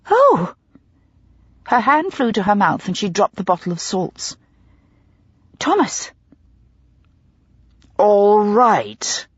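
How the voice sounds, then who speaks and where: A woman reading a mystery novel aloud with dramatic, expressive delivery. Her low voice is husky and moves widely in pitch. The recording is dry and somewhat dull. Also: no room sound. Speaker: audiobook narrator. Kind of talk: scripted narration.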